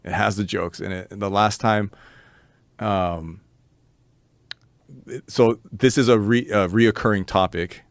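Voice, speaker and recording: A man's voice: on the low side, fairly even intonation, slow, creaky, pauses often, no echo. A man guest on a podcast, telling a story in casual, rambling, profane chat, laughing often, on a close studio mic.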